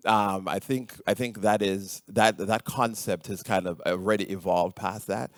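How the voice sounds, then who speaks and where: A man's voice: on the low side, fairly even intonation, moderate pace, hardly any pauses, dry recording, studio quality. A middle-aged man with a Jamaican accent giving a conference presentation, hesitant with many ums and restarts. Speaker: conference speaker.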